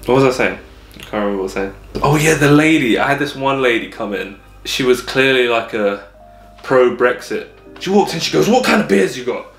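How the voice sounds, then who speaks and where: A man's voice: mid-range voice, animated, a little fast, a bit bright. A young man, a bartender, chatting casually to camera, swearing and laughing often. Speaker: vlogger. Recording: echoey room with music.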